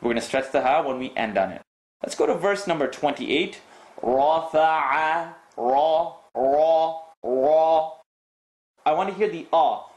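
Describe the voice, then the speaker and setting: A man teaching Quran recitation rules, reciting verses and repeating sounds slowly to correct students. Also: on the high side, very animated, roomy sound. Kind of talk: tajweed lesson with recited demonstrations.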